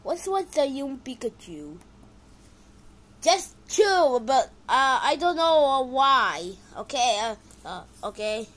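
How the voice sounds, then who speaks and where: An excitable woman talks her way through videos in casual reaction commentary, her fairly high voice leaping all over the place. She speaks slowly, with loud exclamations that drop into quiet mutters. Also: poor audio. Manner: excitable, exclaiming, swings from loud outbursts to mumbling.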